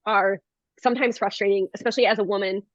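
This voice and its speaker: Chatty woman agent, fast talk, dry sound with a slightly dull, muffled tone. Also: mid-range voice, steady tone, dry recording. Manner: chatty, laughs easily. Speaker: real estate agent. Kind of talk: casual chat.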